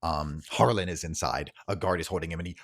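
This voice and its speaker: A man's voice: low-pitched, fast, a bit bright. A man narrating a tabletop role-playing game as game master, describing scenes vividly with frequent fillers.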